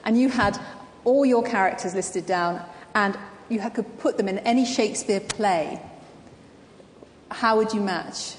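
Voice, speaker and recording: A woman's voice: medium pitch, measured pace, slight background noise. A woman interviewing a guest on stage and inviting the audience to ask questions. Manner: warm prompting questions, addressing the audience. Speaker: interviewer and event host. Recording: echoey hall with long reverb, faint ambience.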